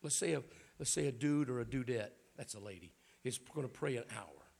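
A man's voice: medium pitch, animated, a little fast, creaky, a little mellow, breathy edge. A middle-aged man with a Southern US accent, preaching a folksy, joking sermon in a church. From American South. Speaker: guest preacher. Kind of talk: humorous sermon.

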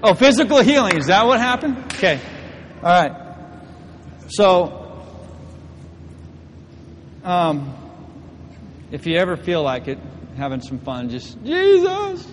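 High-voiced young pastor telling a funny story. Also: male voice, slow, long pauses, big-room sound, a little hiss or hum. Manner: animated, laughing storyteller. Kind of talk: storytelling sermon. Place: church hall.

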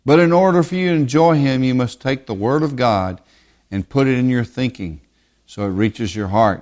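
A man's voice: medium pitch, expressive, normal speed, a little mellow. Emphatic male Bible teacher, verse-by-verse sermon, hammers points by repetition. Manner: emphatic, repeats words for stress.

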